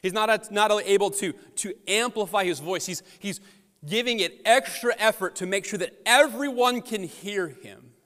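Guy pastor preaching into a mic, kinda high voice, big echoey church hall. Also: normal speed, a bit bright. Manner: storytelling, conversational with rising emphatic peaks. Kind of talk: sermon. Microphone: handheld or headset microphone.

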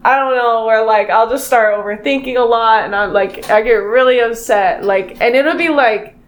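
Chatty woman, laughs a lot, says like constantly, kinda high pitch. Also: normal speed. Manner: chatty, laughs often, uses filler words. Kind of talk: casual chat.

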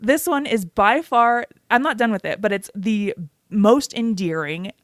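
A woman's voice: mid-range voice, a little slow, dry recording, studio quality. An American woman co-hosting a casual podcast chat, talking freely with many fillers and laughs. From United States. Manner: chatty, laughing, full of fillers. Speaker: podcast co-host.

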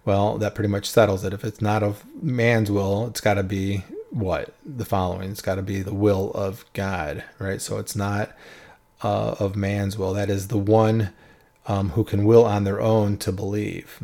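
A man explaining Bible verses in a relaxed, conversational way, often checking in with a questioning "right?". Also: on the low side, measured pace. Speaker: Bible teacher.

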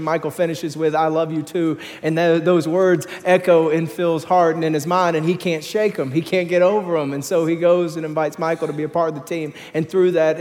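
A male pastor preaching a sermon, telling stories with growing energy and often repeating words as he builds to a climax. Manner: animated storytelling, rising in pitch and volume at climaxes, repeats words. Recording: long reverb of a large hall.

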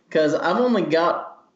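A man's voice: on the high side, animated, slow. A man playing a tabletop game in a joking, laughing way. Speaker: player. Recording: dull echoey room sound.

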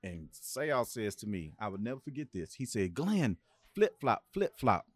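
Man, middle-aged, lively pitch, dry close sound, animated storyteller. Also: normal speed, no echo. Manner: animated storyteller, acts out voices of others. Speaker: guest, former football player and coach. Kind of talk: casual podcast storytelling.

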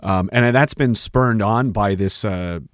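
A man's voice: lowish voice, unhurried, no echo, clean studio sound. A man hosting a livestream at home, chatting loosely, swearing often and breaking off mid-sentence as he reads the chat. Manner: rambling, swearing, self-interrupting. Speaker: livestream host reading chat. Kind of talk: casual rambling livestream talk.

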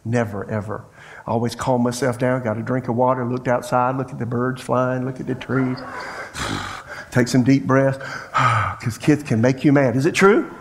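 Folksy middle-aged preacher, storytelling. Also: male voice, mid-range voice, fairly even intonation, a little fast. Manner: folksy storytelling preacher who acts out dialogue. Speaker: pastor. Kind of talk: sermon.

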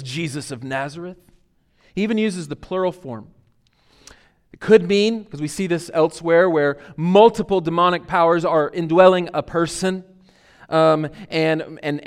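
High-voiced earnest male preacher. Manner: earnest, builds to emphatic peaks, then drops quiet and reflective. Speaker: pastor. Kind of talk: sermon.

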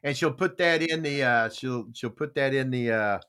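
A man's voice: medium pitch, moderate pace, fairly bright tone, clean tone. A man on a morning show, talking about food in a folksy, rambling way with lots of fillers. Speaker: co-host. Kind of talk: casual morning show chat.

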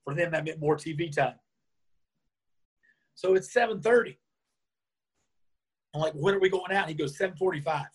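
A man being interviewed, telling a lively anecdote and acting out the lines of the people in it. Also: a little high, moderate pace, pauses often, breathy edge. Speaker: interview guest. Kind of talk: storytelling in a conversation.

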